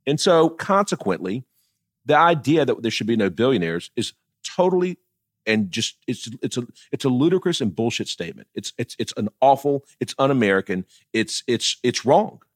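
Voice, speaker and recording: Blunt, animated middle-aged man. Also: mid-range voice, moderate pace, husky, dry recording, clean studio sound. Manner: blunt, profane, laughs while telling stories. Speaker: political commentator. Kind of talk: casual political chat.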